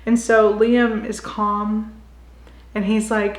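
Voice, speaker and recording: A woman's voice: mid-range voice, level tone, takes it slowly. A young adult woman giving a chatty, casual book recap, full of "like" fillers. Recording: echoey room.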